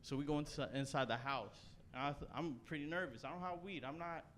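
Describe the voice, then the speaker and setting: A young Canadian man performing a stand-up set, telling a loose, profane story with animated bursts. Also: a little high, a little fast, a little hiss or hum. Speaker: stand-up comedian. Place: comedy stage before a live audience.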